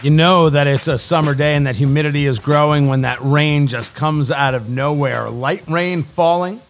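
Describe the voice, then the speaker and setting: A man hosting a casual podcast, talking in animated, joking bursts. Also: fairly high pitch, moderate pace. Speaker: podcast host. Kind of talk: casual chat.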